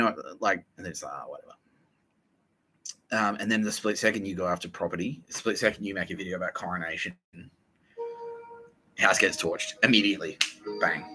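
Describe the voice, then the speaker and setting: A man's voice: sits low, sharp tone, slightly rough, rough recording. An Australian man hosting a podcast in a profane comedic rant, swearing, laughing and putting on mocking voices. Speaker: podcast host.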